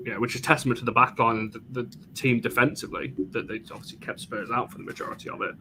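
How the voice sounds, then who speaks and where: A man's voice: medium pitch, fairly even intonation, background noise. A man hosting a fan panel in chatty casual talk, often restarting his phrases. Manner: chatty, halting, frequent restarts. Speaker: host. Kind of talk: casual chat.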